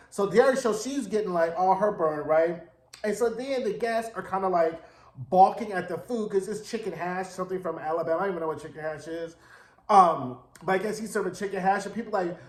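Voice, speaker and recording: Sassy man recapping TV in a roomy room. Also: high-pitched. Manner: sassy, slangy, dramatic storytelling. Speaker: TV recap reviewer. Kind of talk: casual recap chat.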